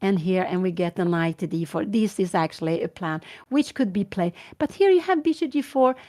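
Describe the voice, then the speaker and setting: A woman's voice: medium pitch, animated, fairly quick, warm tone. Middle-aged Swedish woman, chess commentator working from home, muses aloud and hesitates. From Sweden. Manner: thinking aloud, hesitant, with many fillers and restarts. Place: home room.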